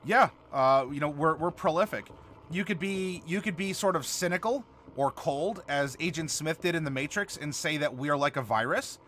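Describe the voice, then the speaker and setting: Chatty man with a bright voice. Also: a little high, moderate pace, slight background noise. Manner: chatty, reads and answers viewer comments. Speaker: host building a game character live. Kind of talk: casual livestream chat.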